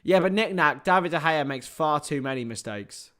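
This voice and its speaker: Brief: upbeat male streamer, high-ish voice, bouncy football commentary and banter. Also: normal speed. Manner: playful banter mixed with excited play-by-play. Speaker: host. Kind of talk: live football watchalong commentary.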